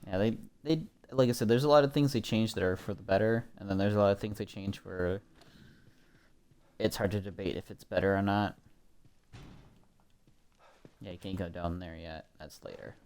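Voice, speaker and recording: A man's voice: lowish voice, moderate pace, long pauses, clean tone. A young man from Minnesota casually commenting while he plays a horror game, chatting with viewers and swearing now and then. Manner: relaxed, chatty, swears often. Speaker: streamer.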